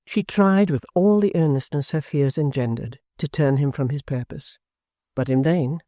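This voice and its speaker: An audiobook narrator reading a classic novel in a steady, expressive manner. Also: medium pitch, normal speed, dry recording, studio quality.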